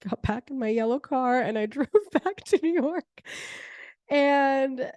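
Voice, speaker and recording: A young adult woman hosting a podcast, telling a personal story in a chatty, animated way with many "like" fillers. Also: high voice, a little slow, dry recording. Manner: chatty, heavy use of "like" fillers; animated retelling with laughter. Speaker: podcast host.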